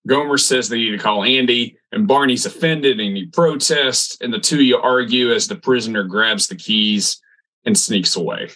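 A man casually recapping a sitcom episode on a podcast, rambling and halting with restarts. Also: medium pitch, pushed and bright, poor audio. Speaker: podcast co-host.

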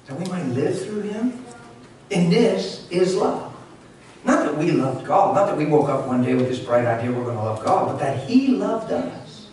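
A man preaching a sermon, telling a story with lively shifts between shouting and hushed asides. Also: a little high, moderate pace, a little hiss or hum. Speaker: pastor. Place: large church sanctuary. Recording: echoey church hall from far off.

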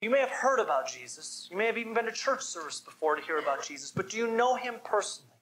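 A man's voice: high-pitched, big pitch swings, fast, a bit bright. A man giving a church sermon as pastor, preaching with emphasis and asking the listeners direct questions. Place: church service.

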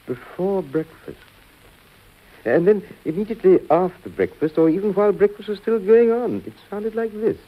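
A man's voice: sits high, normal speed. An actor playing a diffident, apologetic man who dislikes radio, in a 1940s radio comedy. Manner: apologetic, hesitant. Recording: dull 1940s radio broadcast.

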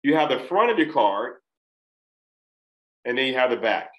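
Male test-prep tutor, mid-range pitch, easygoing classroom delivery. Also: moderate pace, poor audio. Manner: relaxed, conversational teaching with fillers. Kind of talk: casual spoken lesson.

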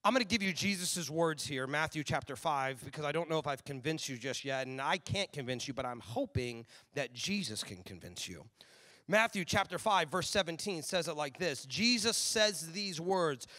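A young man preaching a sermon, telling a story with animated energy and acting out both voices of an imagined conversation. His voice sits high and rings bright and forward. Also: moderate pace. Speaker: pastor.

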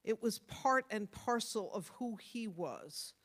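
A woman pastor giving a sermon, earnest and motherly, stressing points hard and then dropping to soft tones. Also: medium pitch, animated, slow. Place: church.

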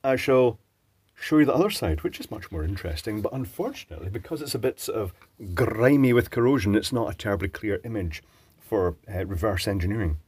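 A man's voice: fairly low pitch, lively intonation, fairly quick, darkish tone, breathy edge, no room sound. A man presenting an electronics teardown, musing and chatting as he thinks aloud while working. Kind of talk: casual talk-through while taking apart a device.

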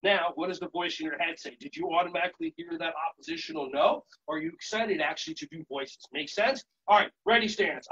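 A high-pitched man running a lively live workshop, switching between quick explanations, sing-song chanting and sudden shouted calls. The sound is dull and lo-fi, like streamed conference audio. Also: breathy edge. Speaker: children's yoga and martial arts instructor. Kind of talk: live virtual workshop demonstration.

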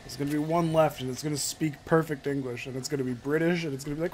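A man's voice: on the high side, racing, hardly any pauses, a little hiss or hum. A man joking and laughing as he comments on his own gameplay. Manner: joking, giggly, excitable. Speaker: gaming YouTuber.

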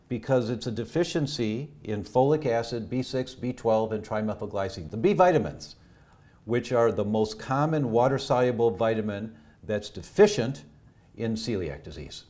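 A middle-aged man, a doctor, telling personal family stories in an interview, earnest, his voice going from animated to hushed. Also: mid-range voice, moderate pace. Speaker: doctor and health educator. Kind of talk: emotional personal storytelling in a podcast interview.

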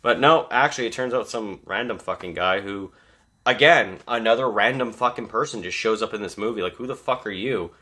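A man recapping a horror movie in a casual, animated way, swearing constantly and laughing at the scenes. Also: fairly low pitch, fairly quick. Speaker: movie reviewer. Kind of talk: casual profane film recap.

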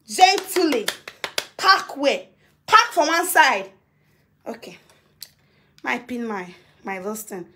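Her voice is a little high and sing-song, her pace slow with frequent pauses, and the background is noisy. This Nigerian-accented social media personality faces her phone camera on a live video to confront someone. She speaks emphatically, repeating her demands over and over with occasional laughs.

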